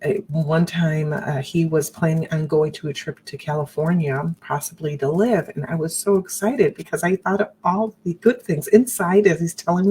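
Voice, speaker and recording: A woman sharing her own story of abuse in a personal broadcast, talking haltingly and earnestly, often restarting and acting out what others said. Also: low voice, animated, warm tone, slightly rough, poor audio.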